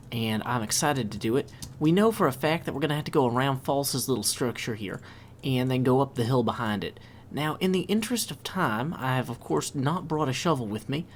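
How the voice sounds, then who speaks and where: A man talking through his gameplay in a chatty, upbeat way, thinking aloud as he builds. His voice sits at a middling pitch, with a faint hiss of noise behind it. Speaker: let's play host. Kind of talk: casual gameplay commentary.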